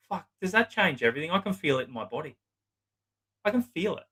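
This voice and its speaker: A man speaks with a bright, forceful voice. He gives earnest advice in a plain conversational way. He is blunt and drops the odd swear word for emphasis. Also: fairly high pitch, big pitch swings, fast, slightly rough, poor audio. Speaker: psychotherapist guest. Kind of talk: casual advice talk.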